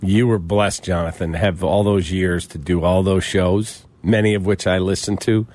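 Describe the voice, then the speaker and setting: Man, low voice, subdued, earnest, radio chat. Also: steady tone, moderate pace, darkish tone, slight background noise. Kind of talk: casual sports radio chat.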